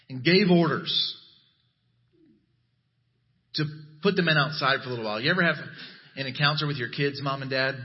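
A man preaching a sermon as pastor, animated and emphatic. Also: dull audio. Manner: animated, rising to emphatic highs.

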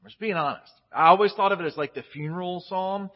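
Chatty pastor, slightly high voice. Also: male voice, fast talker. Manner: candid and chatty, frequent restarts. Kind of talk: casual conversational sermon. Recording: dull lo-fi audio.

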